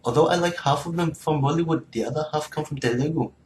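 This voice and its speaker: A man's voice: on the high side, darkish tone, echoey room, a little hiss or hum, lightly acted. A man doing a South Indian tour guide. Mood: chatty. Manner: quick, rambling, chatty.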